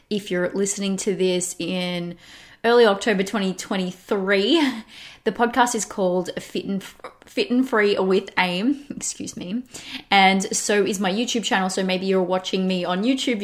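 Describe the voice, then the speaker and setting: Young female podcast host, relaxed and talky, loose conversational delivery, average pitch. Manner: chatty, with frequent "like" and restarts. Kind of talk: casual solo podcast talk.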